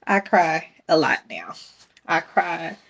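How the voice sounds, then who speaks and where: A woman's voice: low voice, sing-song, slow, creaky, fairly bright tone. A young adult woman, hosting a casual faith podcast in a rambling, candid way and laughing often. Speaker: podcast host.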